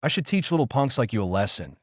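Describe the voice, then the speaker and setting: A man's voice: medium pitch, very animated, fast, husky, no room sound, clean studio sound. A man voicing a tough, friendly teenage boy ninja, speaking in a casual, slightly cocky way.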